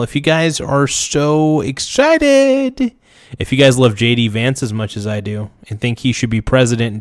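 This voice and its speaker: A man's voice: on the low side, dry recording, clean studio sound. A man hosting a livestream, reacting to clips in a loose, joking way and talking straight to his chat. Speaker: livestream host. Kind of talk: casual reaction commentary.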